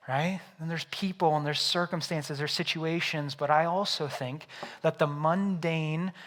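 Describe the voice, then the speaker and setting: A young man, a pastor, preaching a sermon in a conversational way, often tossing in "right?" and moving between lively storytelling and quiet reflection. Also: a little high. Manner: builds loud through storytelling, drops quiet and soft for reflection.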